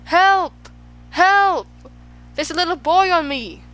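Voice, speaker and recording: A woman's voice: medium pitch, moderate pace, a bit bright, close to an everyday voice, poor audio. A woman doing an indignant spelling bee. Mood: panicked. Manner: indignant, scolding.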